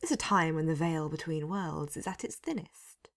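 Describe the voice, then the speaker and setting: Cast: eager, lanky skeleton man, hopeful and showy, a woman reading him, low gravelly tone. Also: moderate pace. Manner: hopeful, bursts into excited exclamations. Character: cheerful eager male skeleton, tall and lanky.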